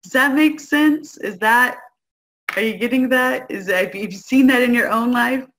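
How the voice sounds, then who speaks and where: This woman's voice sits on the high side and moves at a normal speed as she guest-hosts a conversational parenting session, teaching casually. Her frequent "right?" keeps listeners engaged, and she performs quoted parents and kids in animated voices.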